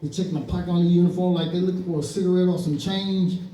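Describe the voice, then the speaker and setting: A man's voice: high voice, steady tone, quick pace, warm tone, a little hiss or hum. A man from East Saint Louis doing a stand-up comedy set on a club stage, telling stories and acting out the people in them. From East Saint Louis, Illinois. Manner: storytelling with acted-out quotes. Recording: roomy club sound from a distance.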